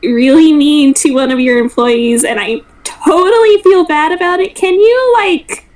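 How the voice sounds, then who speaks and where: A woman's voice: high-pitched, a little slow, a little mellow. Woman playing a sheepish, hesitant young adventurer. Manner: apologetic, hesitant.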